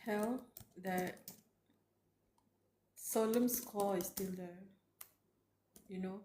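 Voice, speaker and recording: A woman's voice: mid-range voice, steady tone, extremely slow, dark tone, echoey room, slight background noise. A woman streamer reading a story aloud live, tearful and reacting emotionally between read lines. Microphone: close desk mic.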